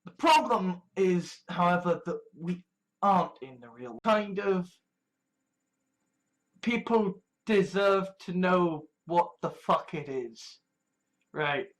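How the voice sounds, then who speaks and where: Video ranter, mid-pitched voice, profane, rambling, emphatic, casual monologue. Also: lively intonation, slow, poor audio. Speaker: video essayist.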